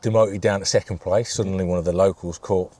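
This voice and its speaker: A man's voice: low-pitched, fairly even intonation, fast, a little mellow. A middle-aged man, hosting a casual interview in an easygoing way, often agreeing along. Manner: easygoing, lots of agreeing "yeah". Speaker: host interviewer.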